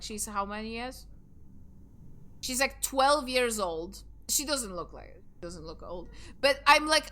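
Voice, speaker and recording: A woman's voice: sits high, pushed and bright. A young woman streaming a game, chatting casually in a rambling way and swearing offhandedly. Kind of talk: casual live-stream chat while gaming.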